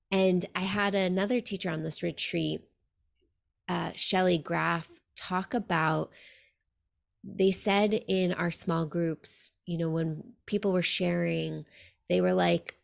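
A woman's voice: on the low side, gravelly. A woman podcast host and meditation teacher, talking in an earnest storytelling way with many "like"s. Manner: earnest, warm-hearted storytelling with frequent "like". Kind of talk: podcast conversation.

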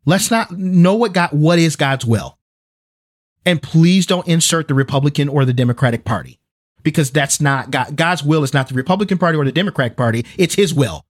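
A man co-hosts a faith-based podcast, speaking earnestly and emphatically and often restarting and repeating words. His voice is a little high and a little fast, with lively intonation, in clean, dry studio sound with no room sound.

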